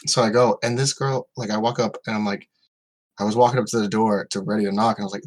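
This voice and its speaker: A man's voice: fairly low pitch, flat delivery, fast talker. A man co-hosting a casual podcast from home, rambling through stories with restarts and laughs. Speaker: podcast co-host. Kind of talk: casual chat.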